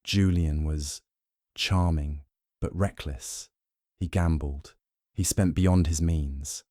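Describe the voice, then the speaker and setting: A man's voice: very deep voice, steady tone, mellow, no room sound, studio quality. A man reading a wary young noblewoman. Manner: hesitant, halting answers. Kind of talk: audiobook narration.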